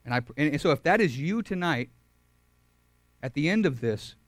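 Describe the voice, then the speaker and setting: A young man preaching a sermon to a campus group, earnest, swinging from loud emphatic lines to soft quiet ones. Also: a little high, lively intonation, normal speed, no echo. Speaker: campus ministry speaker.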